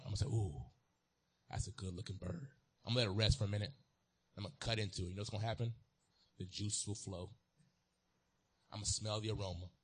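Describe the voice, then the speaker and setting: Man preacher, folksy and joking, fairly low voice. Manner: folksy, playful, talks straight to the congregation. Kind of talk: sermon.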